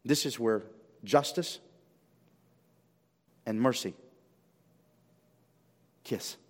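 A male pastor preaching a sermon with animated swings of pitch and volume, often repeating words as he builds. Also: drawn-out words. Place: church sanctuary. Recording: long reverb of a church hall.

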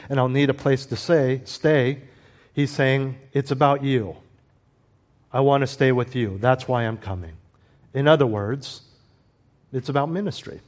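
A man preaching a sermon, earnest, building emphasis on key points and dropping to quiet explanatory asides. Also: mid-range voice. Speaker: pastor.

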